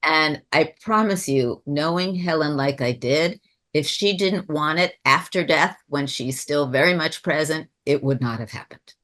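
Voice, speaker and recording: A woman's voice: low-pitched, measured pace, a bit bright. A woman telling a personal spiritual story on a webinar, in a reflective, rambling way, often restarting her sentences. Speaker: webinar speaker. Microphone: video call.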